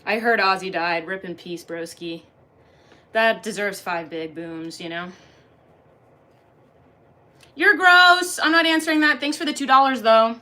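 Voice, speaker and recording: A woman's voice: medium pitch, animated, normal speed, pushed and bright. A woman livestreamer reading and answering chat in a jokey, crude, casual way. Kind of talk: casual live-stream chat.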